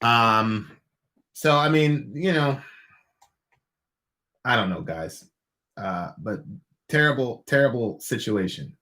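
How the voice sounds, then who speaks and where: Man, American, podcast co-host, casual chat, rambling, hesitant restarts, bright tone. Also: medium pitch, takes it slowly, pauses often.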